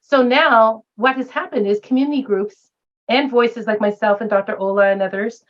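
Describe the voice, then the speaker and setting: A woman's voice: on the high side, steady tone, moderate pace, lo-fi sound. A retired woman professor speaking as a guest in a round-table discussion, emphatic and posing rhetorical questions.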